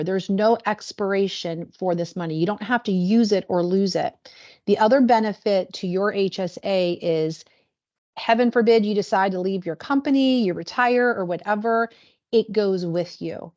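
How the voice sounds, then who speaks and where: Woman explaining benefits on a dull call. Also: medium pitch. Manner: chatty, animated, acts out quoted questions. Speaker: benefits presenter.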